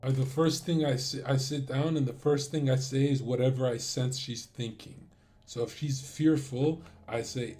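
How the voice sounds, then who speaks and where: A man's voice: mid-range voice, steady tone, moderate pace, mellow, faint music behind. A man streamer talking in a casual, crude and rambling monologue full of swearing.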